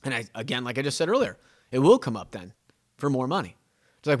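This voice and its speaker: A man's voice: mid-range voice, fast, long pauses. Rambling, self-mocking man. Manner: rambling, animated, self-mocking, acts out client dialogue. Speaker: real estate agent and podcast host. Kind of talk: casual podcast monologue.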